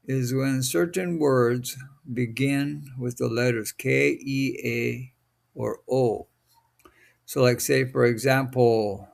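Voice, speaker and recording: A man from Hawaii giving a recorded language lesson, slow, deliberate and patient, drawing out each sound. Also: medium pitch, vocal fry. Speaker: language teacher.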